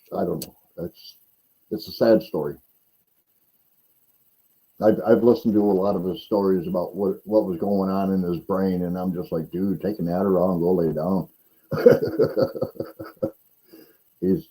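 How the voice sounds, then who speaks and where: A man with a low, very dark, mellow voice, hosting a casual weekly livestream. He rambles through stories, repeating words as he goes and chuckling at his own tales. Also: rough recording. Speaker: host.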